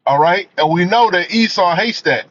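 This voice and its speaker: Man, high voice, heated profane rant, repeats himself, muffled lo-fi sound. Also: lively intonation, moderate pace, a bit bright. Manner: emphatic, profane, repeats "man" and "you know". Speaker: movie reviewer. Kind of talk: ranting commentary. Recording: dull lo-fi audio.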